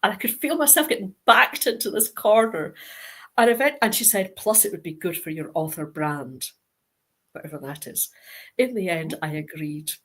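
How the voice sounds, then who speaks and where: A middle-aged Scottish woman, a guest author in an interview, telling stories with lively acted-out quoted dialogue. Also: medium pitch, moderate pace. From Scotland. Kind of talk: interview anecdote.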